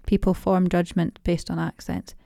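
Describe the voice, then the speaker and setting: A woman's voice: on the low side, flat delivery, moderate pace, vocal fry, dark tone, dry recording, studio quality. A young Scottish woman, a podcast guest, talking casually and hesitantly with many restarts and fillers. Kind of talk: casual interview conversation.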